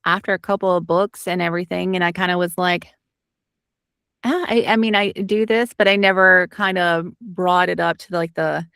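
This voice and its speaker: A woman's voice: on the low side, fairly even intonation, moderate pace, creaky, a bit bright, smooth, dry recording, studio quality. Chatty woman with a light Southern accent. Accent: light Southern US, toned down. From Alabama, US. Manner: chatty, rambling with many fillers. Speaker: audiobook narrator, guest. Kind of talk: casual interview.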